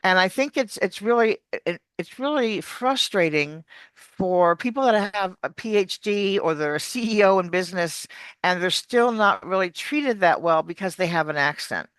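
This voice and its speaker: Accent coach explaining stuff, lively teacher vibe, mid pitch, dry close audio. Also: normal speed, smooth, dry recording. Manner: animated teacher, demonstrating words. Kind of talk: explanatory interview answers.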